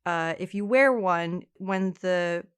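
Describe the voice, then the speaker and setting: A woman's voice: fairly low pitch, slow pace, clean tone. A woman, co-hosting a podcast and telling a true-crime case in a chatty way. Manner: chatty, laughs easily, reads case details. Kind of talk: casual true-crime storytelling.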